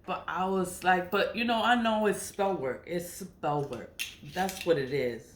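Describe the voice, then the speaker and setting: A woman's voice: fairly low pitch, measured pace. A middle-aged woman talking casually to her camera, blunt and profane, laughing often. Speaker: spiritual vlogger. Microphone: camera mic. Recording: echoey room with faint noise.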